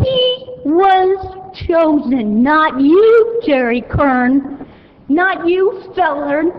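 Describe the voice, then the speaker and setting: Woman, council meeting commenter, indignant, emphatic, echoey chamber, muffled low-fi sound. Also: a little hiss or hum. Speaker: public commenter, mother. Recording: echoey hall, dull broadcast sound.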